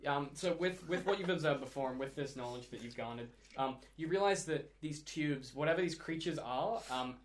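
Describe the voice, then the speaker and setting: A man's voice: fairly high pitch, fairly quick, hardly any pauses. A man narrating a tabletop game as game master, describing the scene in detail and often laughing as he goes.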